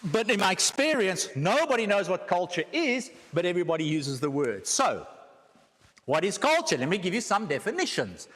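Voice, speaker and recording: A man's voice: on the high side, fairly bright tone. A South African man giving a church teaching talk with slides, joking and asking the room rhetorical questions. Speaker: guest speaker. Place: church hall. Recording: echoey hall.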